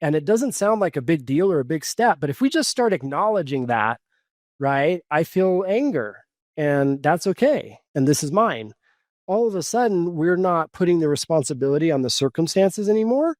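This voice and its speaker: A man explains his coaching ideas in a podcast interview, his voice sitting a little high. He talks earnestly and step by step, voicing his inner dialogue in short quoted lines. The sound is close and dry. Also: lively intonation, brisk, a little mellow, dry recording. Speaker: guest coach.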